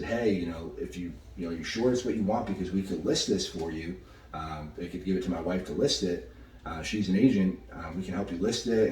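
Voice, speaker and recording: Young man with a deep voice, talks fast and loose, cursing as he tells a story, recorded at a distance in a roomy space. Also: darkish tone, a little hiss or hum. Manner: casual, swears freely, quotes people in quick asides. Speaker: real estate investor. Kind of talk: casual storytelling. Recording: roomy echo, mic at a distance.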